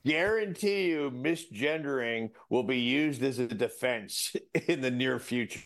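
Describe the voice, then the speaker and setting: A man's voice: mid-range voice, measured pace, fairly bright tone. A man co-hosting a podcast in casual, joking chat, often stumbling over restarts.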